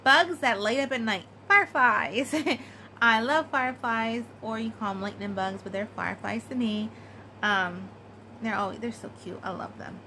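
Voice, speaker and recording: A woman's voice: fairly high pitch, normal speed, pushed and bright, a little hiss or hum, rough recording. A woman chatting casually and giggling, with many fillers, as she answers a tag. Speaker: craft vlogger.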